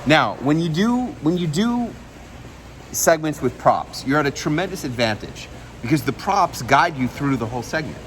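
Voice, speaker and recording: A man coaching outdoors by a waterfall, giving emphatic, direct instructions and slowly demonstrating lines. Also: on the high side, very animated, a little hiss or hum, poor audio. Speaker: media coach. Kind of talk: hands-on coaching session.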